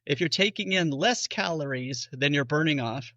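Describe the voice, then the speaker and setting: Male physician guest, bright and forceful voice, patient explainer, close dry mic. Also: fairly high pitch, expressive, moderate pace, no room sound, muffled recording. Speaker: bariatric physician. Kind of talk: podcast interview explanation.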